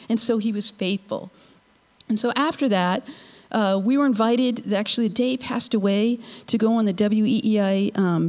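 A woman's voice: medium pitch, darkish tone, big-room sound. A middle-aged woman telling a personal faith story to an audience in a conversational, emotional way. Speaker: speaker sharing a personal testimony.

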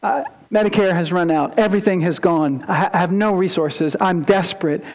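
A man voicing a desperate woman confessing in a rushed, stammering way during a sermon. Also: high-pitched, voice pushed down.

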